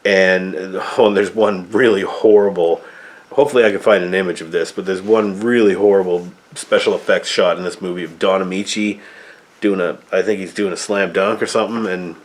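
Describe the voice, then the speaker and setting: A man's voice: low-pitched, fairly even intonation, moderate pace. A man giving a casual, rambling movie review in an exasperated tone, swearing now and then.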